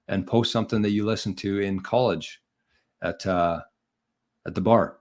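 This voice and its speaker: Man, podcast host, low voice, rambling, encouraging, conversational. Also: normal speed. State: out of breath. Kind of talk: casual solo livestream advice.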